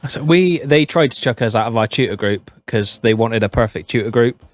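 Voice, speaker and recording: Laid-back man, animated. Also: medium pitch, a little fast. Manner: short, laid-back replies with some swearing. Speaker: podcast co-host. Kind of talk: casual chat.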